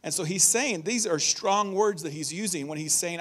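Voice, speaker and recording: A man preaching a conversational, animated sermon in a church, reading scripture and acting out warnings. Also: high voice, moderate pace, hardly any pauses.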